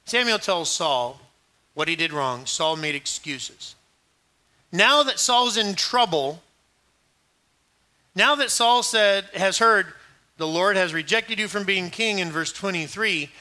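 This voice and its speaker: A middle-aged man preaching a sermon, animated and acting out scripture scenes in different voices. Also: high voice. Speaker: pastor.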